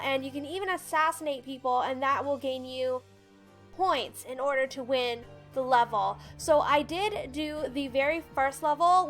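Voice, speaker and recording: A woman's voice: sits high, fairly bright tone. A woman hosting a let's play, chatting casually as she explains the controls and reads the tutorial text aloud. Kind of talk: casual gameplay commentary.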